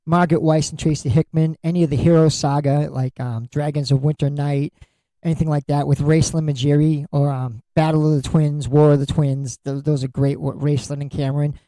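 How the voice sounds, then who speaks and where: A man's voice: fairly high pitch, little pitch movement, a little fast, warm tone, no room sound, low-quality recording. A middle-aged man hosting a solo podcast, talking bluntly and candidly and swearing freely. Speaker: podcast host.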